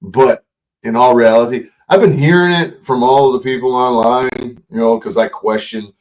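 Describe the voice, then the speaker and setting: A man's voice: medium pitch, moderate pace. A man hosting a late-night livestream, ranting in a combative, mocking and profane way at another online creator. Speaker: livestream host.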